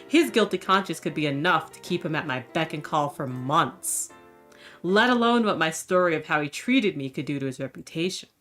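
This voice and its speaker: A woman's voice: low voice, animated, normal speed, fairly bright tone. A woman reading the lines of a sly male con-artist narrator in a wry, self-assured storytelling manner, with faint music behind. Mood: scheming.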